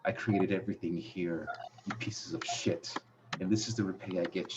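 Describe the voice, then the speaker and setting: A man's voice: low-pitched, fairly even intonation, moderate pace, very noisy, lightly acted. A man voicing a menacing metallic male creator being who speaks coldly and with contempt. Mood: contemptuous. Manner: contemptuous, cold, speaks inside minds. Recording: muffled lo-fi audio.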